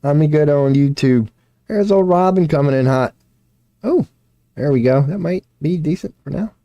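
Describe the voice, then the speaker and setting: A man's voice: fairly high pitch, moderate pace, warm tone, no echo, muffled recording. A young man streaming live, talking to himself and his chat in a rambling, self-deprecating way, full of slang and swearing. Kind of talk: casual livestream monologue.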